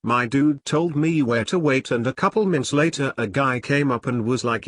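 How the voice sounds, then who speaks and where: A man narrating online stories aloud in a steady, matter-of-fact reading voice. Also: medium pitch, normal speed, few pauses, dry recording.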